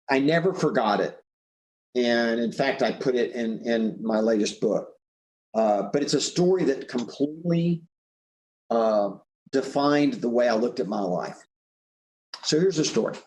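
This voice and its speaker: A man, an author, giving a recorded motivational talk as an animated storyteller who keeps asking "right?". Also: medium pitch, a little hiss or hum. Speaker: speaker and author.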